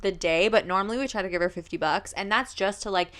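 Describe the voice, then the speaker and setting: A woman in her twenties, a podcast co-host, telling a story in casual chat with animated restarts and quoted dialogue. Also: medium pitch, fast.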